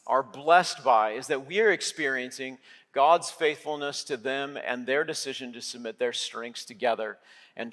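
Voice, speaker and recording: A man's voice: medium pitch, fairly bright tone. A middle-aged man, a lead pastor, giving a sermon in a conversational way with many filler words. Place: church sanctuary. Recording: long hall reverb.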